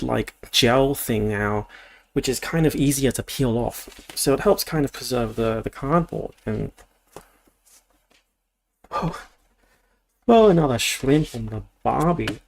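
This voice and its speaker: Young man, casual streamer chat, gravelly fry, rambles and self-corrects. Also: medium pitch, darkish tone. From Australia. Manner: rambling, thinking aloud with frequent restarts. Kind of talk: casual livestream chat while building.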